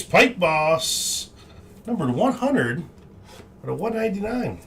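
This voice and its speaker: A man hosts a live card-opening stream, calling out each pull one by one with easy enthusiasm. He talks slowly, taking his time, while his pitch swings up and down with plenty of life. Small exclamations pop up as he reacts to the cards. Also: very animated, fairly bright tone, a little hiss or hum. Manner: upbeat, reads out each card, cheerful exclamations. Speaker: card break host.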